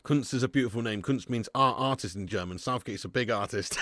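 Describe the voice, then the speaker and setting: A man hosts a football watch-along stream in casual live-stream chat, laughing easily, swearing freely, and reading viewers' messages out loud. His medium-pitched voice is animated, bright and forceful at normal speed, recorded with studio quality and no room sound.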